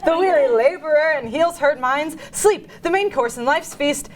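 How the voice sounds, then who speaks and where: A woman's voice: high-pitched, expressive, moderate pace, pitched above the performer's own voice. A woman reading as a guilt-ridden nobleman. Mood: shaken. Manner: reads a plain modern paraphrase aloud, stumbling over words. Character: guilt-ridden male nobleman about to murder a king. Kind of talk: comic table reading of a play.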